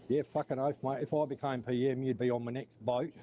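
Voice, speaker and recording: A man's voice: mid-range voice, fairly even intonation, a little fast, warm tone. A man in a group voice chat, blunt and crude in manner. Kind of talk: casual chat. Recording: dull lo-fi line with faint hiss.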